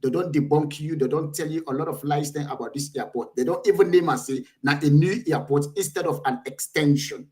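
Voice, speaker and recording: Man, Sierra Leonean Krio accent, slightly high voice, political talk show host, rambling questions. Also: fairly quick, hardly any pauses, a little mellow.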